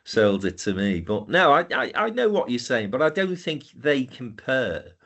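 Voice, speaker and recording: A man's voice: mid-range voice, very animated, moderate pace, fairly bright tone. An older man hosting a political chat podcast, telling anecdotes and moving the panel along. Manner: anecdotal, steers to next question. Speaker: podcast host.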